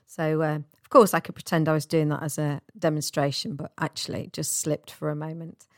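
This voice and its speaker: A woman talks through a self-help podcast in an easy, gentle, chatty way and sometimes laughs at herself. Her voice sits low, and the recording is dry and close. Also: flat delivery, brisk, dry recording. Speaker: podcast host.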